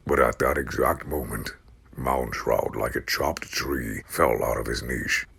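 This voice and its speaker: Super deep gravelly guy reading a storybook, slow and dramatic. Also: fairly even intonation, background noise. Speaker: audiobook narrator.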